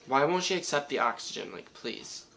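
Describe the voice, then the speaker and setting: A man hosting a reaction video, talking back to the screen in excitable, casual commentary. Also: mid-range voice, brisk, creaky, noisy background.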